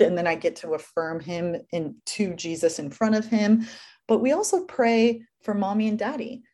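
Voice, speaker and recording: A young woman with a slightly low voice talks earnestly through a family routine, one step at a time. Her tone is casual and conversational, like a guest in an interview. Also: normal speed, a little mellow. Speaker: guest mother.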